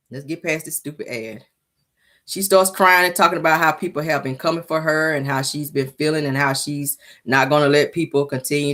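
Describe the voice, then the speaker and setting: A woman's voice: low-pitched, fairly bright tone. A woman hosting a casual celebrity gossip show, sassy and teasing, calling her audience honey and child. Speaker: commentary show host.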